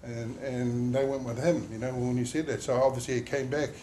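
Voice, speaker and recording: A man's voice: medium pitch, flat delivery, brisk, warm tone, slight background noise. A man telling an emotional personal story in a workplace safety talk. He rambles and uses many fillers as he speaks. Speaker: injured worker sharing his story.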